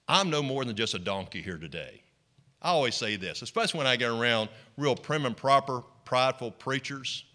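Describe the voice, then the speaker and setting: A male pastor with a medium-pitched voice preaches animatedly, leading his congregation in call-and-response.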